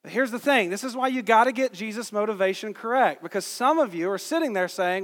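A man's voice: high voice, expressive, fairly quick, few pauses, fairly bright tone. A man in his thirties preaching a sermon as pastor, conversational and self-deprecating, asking the congregation rhetorical questions. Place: church sanctuary. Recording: long reverb of a church hall.

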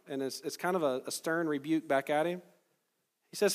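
A male pastor with a somewhat high voice, preaching in an easy, conversational way. He goes through the text verse by verse and stops to quiz his listeners. His voice carries a long reverb from a large hall. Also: fairly even intonation, fairly quick. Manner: conversational, explains verse by verse, asks the crowd questions. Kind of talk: sermon.

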